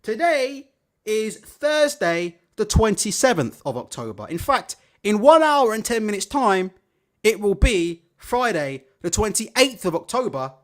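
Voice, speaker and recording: Hosting a live boxing stream, this man delivers profane, sarcastic, animated commentary. His voice is high-pitched and his pace a little slow.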